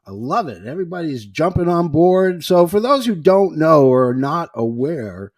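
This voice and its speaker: A man's voice: a little high, very animated, normal speed, darkish tone, no room sound, studio quality. A man from Boston hosting a podcast, upbeat and chatty, reading out listener messages. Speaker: podcast host. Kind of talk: casual chat.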